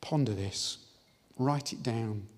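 Husky-voiced man preaching in an echoing hall. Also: medium pitch, slow. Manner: earnest, emphatic, exhorting. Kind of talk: sermon. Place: church hall. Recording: live-stream audio with long hall reverb.

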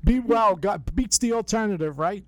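A man's voice: high-pitched, lively intonation, moderate pace, no echo. An older man hosting a call-in radio show, chatty and full of corny jokes. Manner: joking, chatty, folksy.

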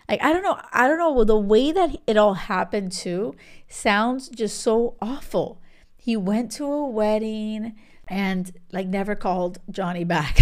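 A woman's voice: on the high side, unhurried, clean tone. A woman hosting a casual reality show recap, chatty and gossipy, full of fillers and acted-out quotes. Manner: animated, gossipy, lots of fillers and quoted asides.

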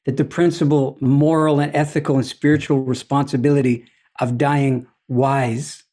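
A man speaking as a podcast guest, talking in a deliberate, philosophical way and telling stories, often checking in with "you see?". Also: mid-range voice, level tone, mellow. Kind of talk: reflective conversational storytelling.

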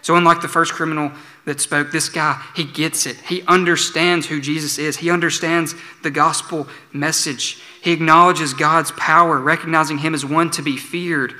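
A man preaching a sermon as pastor, earnest, slowing for emphatic pleas. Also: fairly high pitch, steady tone, pushed and bright. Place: church sanctuary. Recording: church sanctuary with long reverb.

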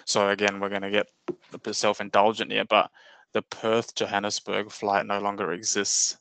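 A man hosting a podcast, chatting in a relaxed, self-deprecating way. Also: on the low side, moderate pace, slight background noise. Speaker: podcast host. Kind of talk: casual podcast chat.

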